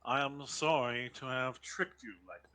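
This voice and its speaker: A man doing a slow, stiff polite butler. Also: medium pitch, steady tone, noisy background, close to an everyday voice. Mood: formal. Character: formal older male butler, polite.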